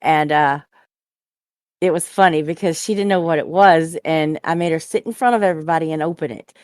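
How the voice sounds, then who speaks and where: A woman's voice: sits low, brisk, darkish tone, dry recording, clean studio sound. A woman co-hosting a talk show, telling a crude family story bluntly. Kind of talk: casual chat.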